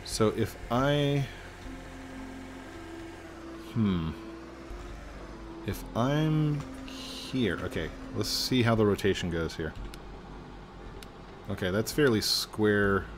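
A man hosting a gaming video, playing along with jokey, excitable commentary and sudden exclamations. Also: lowish voice, slow pace, pauses often, background noise. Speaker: gaming channel host.

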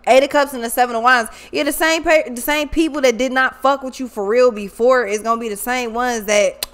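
A woman's voice: on the high side, fairly even intonation, fairly quick, fairly bright tone. A woman giving a casual tarot reading monologue, blunt and profane, who talks emphatically and often repeats her words. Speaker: tarot reader.

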